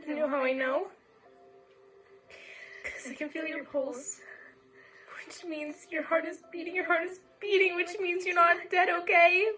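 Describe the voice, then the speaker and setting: Brief: a young doctor woman, very high, slow and soft. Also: steady tone, faint music behind, full character voice, rough recording. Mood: pleading calm. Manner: soft, insistent, reassuring. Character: young woman doctor calming a hurt colleague.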